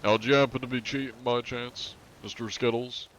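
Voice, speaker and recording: A man's voice: medium pitch, steady tone, fairly quick, a bit bright, a little hiss or hum, voice pushed up, natural voice, low-quality recording. A man playing a mock anti-cheat inspector in an online game, asking questions with exaggerated courtesy. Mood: mock polite. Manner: overly courteous, formal questioning.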